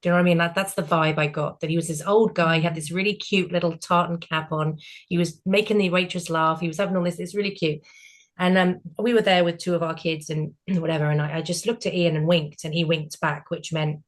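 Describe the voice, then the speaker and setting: A middle-aged woman with a British accent, hosting a group discussion and telling stories in a casual, animated way, acting out the voices of people in them. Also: on the low side, fast. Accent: British English. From Britain. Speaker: group session host.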